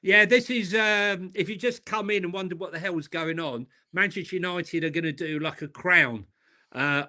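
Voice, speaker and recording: A man's voice: fairly high pitch, pushed and bright. A man hosting a football podcast, reading out news items and then joking about them. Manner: reads out news items, then jokes and laughs. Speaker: host. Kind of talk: casual chat.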